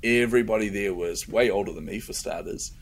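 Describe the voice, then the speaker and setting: A middle-aged man with a low, gravelly voice spins an animated story as a guest in a conversation. He acts out his own inner voice along the way. A faint hiss sits behind him. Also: fairly quick.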